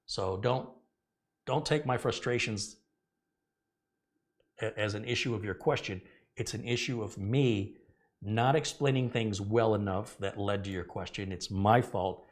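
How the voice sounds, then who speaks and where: A man's voice: lowish voice, unhurried, long pauses. A middle-aged man hosting a computer repair tutorial, talking earnestly and rambling as he corrects himself. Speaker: tech channel host. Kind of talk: casual tech tutorial.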